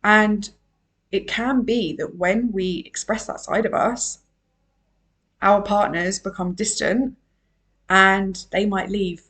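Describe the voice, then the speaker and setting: A woman's voice: mid-range voice, steady tone, takes it slowly, long pauses, a bit bright. Earnest woman coaching on podcast. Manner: earnest, emphatic, repeats key phrases. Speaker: emotional wellbeing coach. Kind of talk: solo podcast monologue.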